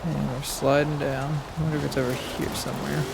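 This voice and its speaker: Man, gaming channel host, relaxed gameplay commentary, gravelly voice, game engine noise. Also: on the high side, fairly quick. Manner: relaxed, thinking aloud. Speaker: gaming YouTuber.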